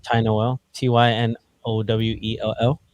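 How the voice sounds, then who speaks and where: Podcast co-host, male, easygoing, mid-pitched voice, dry close mic. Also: flat delivery, a little slow, a little mellow, no room sound, muffled recording. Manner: laid-back, lots of fillers and laughs. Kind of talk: casual chat.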